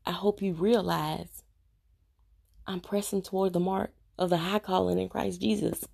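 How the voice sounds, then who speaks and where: A woman's voice: lowish voice, flat delivery, moderate pace, creaky, darkish tone, slightly rough. Earnest woman giving a confessional devotional talk. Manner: earnest, preachy, direct address to viewers. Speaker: Christian vlogger sharing her faith journey.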